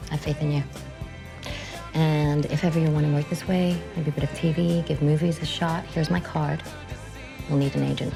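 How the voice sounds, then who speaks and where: A gentle, encouraging agent; low and very creaky, score under the dialogue. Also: female voice, little pitch movement, normal speed, music in the background. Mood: reassuring. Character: encouraging female talent agent. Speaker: talent agent.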